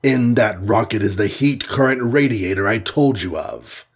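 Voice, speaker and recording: A man's voice: fairly low pitch, moderate pace, breathy edge. A man putting on a gloating Cars, villain with French flair. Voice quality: mocking, gloating. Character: gloating scheming male supervillain with French phrases.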